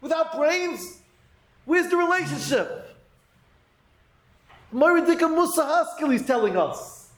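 High-voiced man teaching in an echoey room. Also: animated, measured pace, long pauses, fairly bright tone. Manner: earnest storytelling with Hebrew terms woven in. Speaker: Torah teacher. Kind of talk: Torah lesson sermon.

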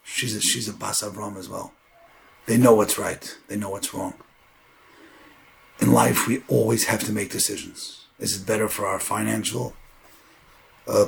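A man giving a sermon, mixing Hebrew terms into English and building to loud, fervent stretches. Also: gravelly. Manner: builds to loud, high-pitched fervor; uses Hebrew and Yiddish terms. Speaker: rabbi.

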